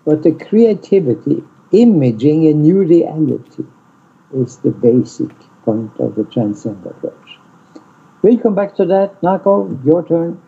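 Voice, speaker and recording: A man lecturing in an online seminar, deliberate and blunt, stressing single words, over muffled call audio. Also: a little high, big pitch swings, gravelly, dark tone, husky. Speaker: lecturer on peace studies. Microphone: video call.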